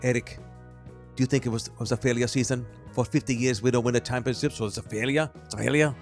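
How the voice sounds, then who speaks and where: A star basketball player with a wobbly Greek accent, as a podcast host puts him on, firing off defensive questions at a brisk clip. The voice stays at an ordinary middle pitch, and faint music plays underneath. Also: male voice, steady tone, lightly acted. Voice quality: awkward, unconvincing Greek accent. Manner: defensive, repeating his questions. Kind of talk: comic impression on a podcast.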